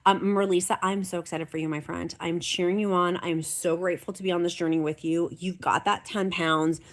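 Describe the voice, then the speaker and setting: A woman's voice: lowish voice, steady tone, a little fast. A woman hosting a live stream, chatting and reading viewer comments aloud in an encouraging way. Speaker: livestream host. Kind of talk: casual livestream chat.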